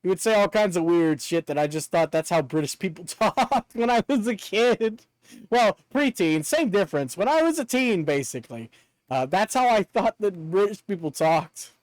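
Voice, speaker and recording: A chatty man streams a game and talks casually about the gameplay, joking and laughing easily with his chat. His high voice is very lively and jumps around a lot at a moderate pace. The sound is close and dry, without room echo.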